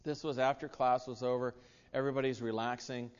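A man's voice: medium pitch, flat delivery, brisk, clean tone, lo-fi sound. American man preaching in a reverberant hall. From United States. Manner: earnest, with frequent restarts and asides. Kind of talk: sermon.

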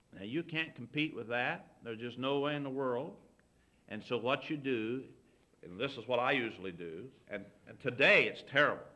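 A middle-aged preacher with a bright, forceful tone talks in a homespun, storytelling way. He slips into little acted-out exchanges while giving practical advice from the pulpit. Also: mid-range voice. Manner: folksy, anecdotal, acts out quoted dialogue. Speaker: pastor teaching visitation. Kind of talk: folksy sermon talk.

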